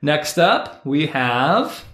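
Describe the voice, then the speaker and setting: A man's voice: fairly high pitch, very animated, extremely slow, a bit bright, echoey room, slight background noise. A man hosting a casual podcast chat, explaining things to a friend and laughing often. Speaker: podcast host.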